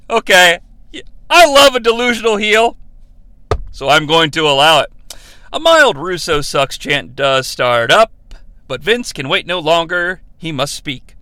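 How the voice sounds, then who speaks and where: A male podcast host recaps a wrestling broadcast in a jokey, animated way. His voice is high, bright and lively, recorded dry and close. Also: measured pace, clean tone, no room sound. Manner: animated, jokey, laughs at his own asides.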